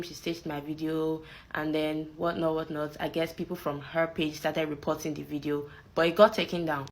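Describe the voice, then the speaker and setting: A woman from Nigeria with a Nigerian accent, giving exasperated, forceful commentary. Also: sits low. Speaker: content creator. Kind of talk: opinion commentary.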